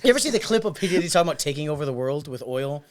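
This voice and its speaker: A young man hosting a podcast, trading quick, laughing banter. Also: a little high, animated. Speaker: podcast host. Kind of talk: casual podcast chat.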